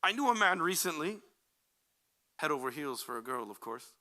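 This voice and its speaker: Bright-voiced man giving lively advice. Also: on the high side, moderate pace. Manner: animated, jokey, acts out quoted people. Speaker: Islamic speaker answering questions. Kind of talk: casual talk to a young audience.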